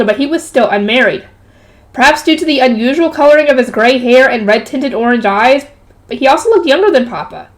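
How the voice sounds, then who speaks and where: A woman reading a light novel aloud, stopping often to add casual jokey comments. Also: sits high. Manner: breaks off to comment and joke. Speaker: reader.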